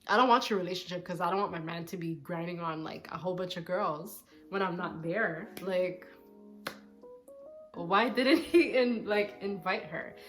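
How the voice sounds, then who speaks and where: A young woman chats straight to her viewers, candid and a little sassy as she tells her story. Soft music plays faintly underneath her voice. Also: fairly low pitch, normal speed. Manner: chatty and candid, with a petty, sassy streak. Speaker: vlogger. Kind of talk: casual storytime chat.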